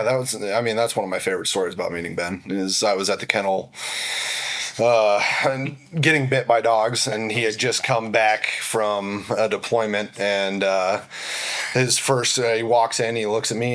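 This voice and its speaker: A man hosting a podcast, telling stories in a relaxed way with lots of fillers. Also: on the low side, normal speed. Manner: relaxed storyteller, many fillers. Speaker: podcast host. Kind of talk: casual podcast conversation.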